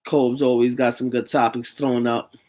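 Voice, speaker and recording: A man's voice: mid-range voice, little pitch movement, normal speed, a little mellow. A man hosting a casual sports talk show, rambling loosely and swearing freely. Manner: loose and profane, rambling with restarts. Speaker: podcast host.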